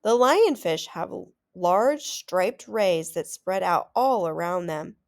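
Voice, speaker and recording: A teacher reading a children's chapter book aloud to her students with expressive storytelling. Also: lowish voice, slow pace.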